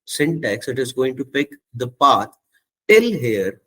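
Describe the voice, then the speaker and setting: A man leads a screen-share coding lesson, explaining each step patiently and checking in with his students as he goes. His voice is mid-pitched with a husky edge. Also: lively intonation, measured pace, fairly bright tone, rough recording. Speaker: software testing instructor.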